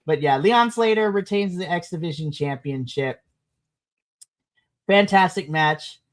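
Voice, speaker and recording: A podcast co-host reviewing a wrestling show in casual chat, animated, with big swings in pitch and frequent laughs. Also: unhurried.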